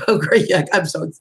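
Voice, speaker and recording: Chatty woman with a husky voice. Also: lowish voice, fairly bright tone, low-quality recording. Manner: chatty, laughs often. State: voice tiring. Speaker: livestream host. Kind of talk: casual chat.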